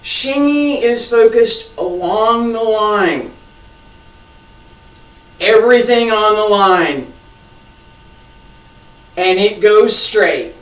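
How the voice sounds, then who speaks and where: A martial arts teacher talks a class through stances at an unhurried, deliberate pace, repeating key points and poking fun at himself. He sounds distant from the microphone, with his voice bouncing around an echoey practice room. His pitch sits in a middle range. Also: expressive, a bit bright. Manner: slow, patient, repeats key points, self-deprecating humor. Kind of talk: live instruction with demonstration. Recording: echoey room, mic far off.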